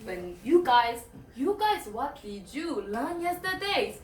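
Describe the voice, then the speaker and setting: A Swahili teacher leads a language lesson, patiently drawing out each word so students can follow. Her fairly high voice rises and falls in a lively way, and she sounds a little distant in an echoey room with faint background noise.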